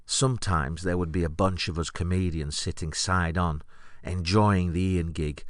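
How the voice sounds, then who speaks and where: A man hosting a podcast, recounting an anecdote in a wry, deadpan storytelling monologue. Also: deep voice, normal speed, no room sound, studio quality. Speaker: podcast host.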